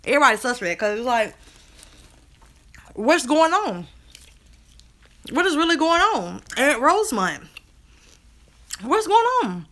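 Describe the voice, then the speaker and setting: Woman w/ on a live chat, talks right to viewers, bright clear voice, kinda high. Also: unhurried, long pauses. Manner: animated, drawling, talks straight to viewers. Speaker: co-host of a live video chat. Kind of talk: casual live-stream chat reading comments.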